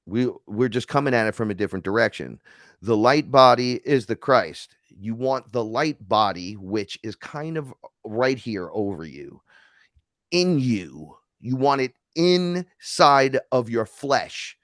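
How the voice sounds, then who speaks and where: A man's voice: medium pitch, animated, measured pace, a bit bright, no room sound, studio quality. A man from New York telling a spiritual encounter story in casual talk, acting out the voices he quotes and swearing freely. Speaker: podcast guest.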